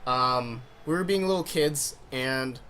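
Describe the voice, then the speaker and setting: A man's voice: medium pitch, slow pace, sharp tone, clear, resonant tone. A young man casually telling a funny story on his vlog, rambling and swearing as he goes. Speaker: vlogger.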